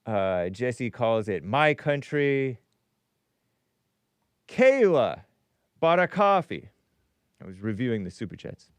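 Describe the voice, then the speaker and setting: A man's voice: medium pitch, takes it slowly, long pauses, clear, resonant tone, dry recording. Rambling male talk show host. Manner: rambling, animated, with frequent self-interruptions and restarts. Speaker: podcast host. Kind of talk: casual talk show monologue, reading super chats.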